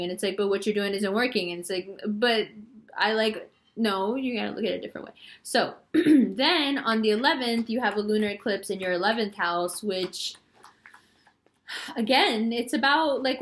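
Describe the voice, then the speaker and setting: Woman tarot reader, casual and chatty, teasing tone, middle-pitched voice, loose rambling delivery. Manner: chatty and rambling, heavy use of "like"; playful, teasing. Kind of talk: casual astrology reading.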